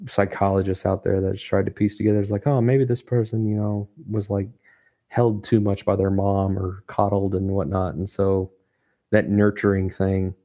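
A man's voice: low voice, flat delivery, normal speed, dark tone. A man talking casually as a podcast guest, rambling and full of filler words. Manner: rambling, heavy with "like" fillers and restarts. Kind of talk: casual conversation.

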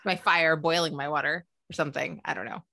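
A woman co-hosting a podcast and speaking as a therapist, chatty and animated, laughing often. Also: sits low, a little fast, gravelly, dry recording, clean studio sound. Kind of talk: casual podcast chat.

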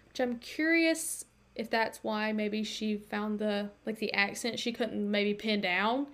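A woman hosting a podcast, telling a story in a chatty, casual way with lots of fillers. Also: mid-range voice. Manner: chatty, animated, many fillers and likes. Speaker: podcast host.

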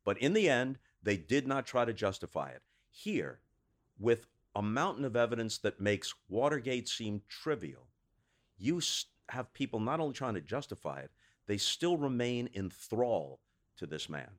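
A man who is a sports broadcaster, speaking as a guest in a podcast interview, with articulate, measured and emphatic delivery in long rhetorical sentences. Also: medium pitch, big pitch swings.

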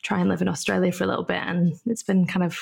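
A woman's voice: lowish voice, flat delivery, racing, vocal fry, a little mellow, slightly rough. A woman in her thirties from the north of England, a podcast guest telling long chatty stories full of likes and ums. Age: 30s. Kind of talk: casual conversation.

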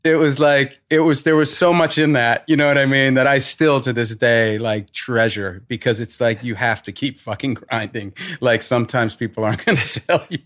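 A man's voice: mid-range voice, fairly even intonation, normal speed, few pauses, a bit bright, no echo, studio quality. A man in his forties, a podcast guest, telling stories animatedly in casual chat and swearing freely. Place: podcast studio.

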